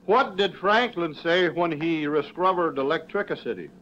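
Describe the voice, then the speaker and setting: A man's voice: fairly high pitch, moderate pace, few pauses. A man hosting a live 1950s children's TV show, telling jokes and riddles in a folksy, playful way from a dull old TV archive recording. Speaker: children's TV host. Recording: dull old TV archive audio with faint hum.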